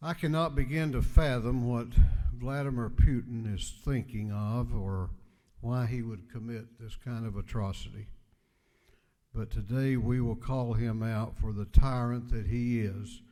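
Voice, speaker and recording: A man, speaker of a state legislature, delivering a formal floor speech with measured, emphatic delivery. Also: mid-range voice, warm tone. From United States. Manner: measured, emphatic oratory with deliberate pauses. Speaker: legislative speaker presenting a resolution. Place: state house chamber. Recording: reverberant legislative chamber.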